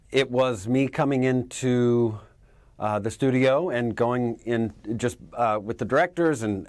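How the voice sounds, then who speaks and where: A man, an actor, answering interview questions in an animated way, laughing often and dropping into character voices. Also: mid-range voice, no echo, studio quality.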